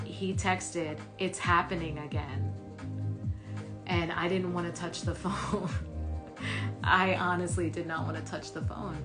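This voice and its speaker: A woman telling a personal story in a frank, profane way, often laughing, playing the other people's lines in her own voice. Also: on the low side. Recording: music playing underneath.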